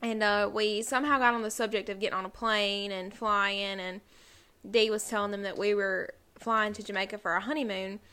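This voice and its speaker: Bright-voiced woman telling stories. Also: medium pitch, fairly even intonation, normal speed, clear, resonant tone. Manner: rambling storyteller, heavy use of "like". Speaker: podcast co-host. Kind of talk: casual podcast chat.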